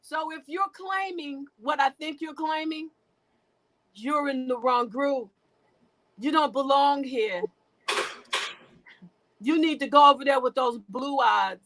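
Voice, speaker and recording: Speaking slowly with long pauses, a woman guest with a high, somewhat bright voice delivers a fervent spiritual message. Her manner is emotional and preachy, with frequent repeats and restarts. The audio quality is rough.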